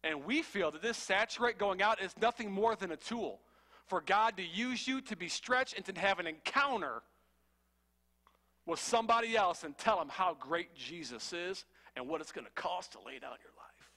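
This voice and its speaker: A male preacher delivering a sermon with a high, bright voice. He sounds fervent and conversational, with slangy asides, and his delivery is forceful. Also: animated, normal speed.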